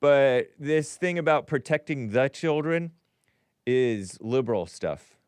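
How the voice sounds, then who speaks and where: A man's voice: mid-range voice, lively intonation, slow, darkish tone, clean tone, no room sound, clean studio sound. A man hosting a call-in talk show, musing aloud in a wry way and often trailing off.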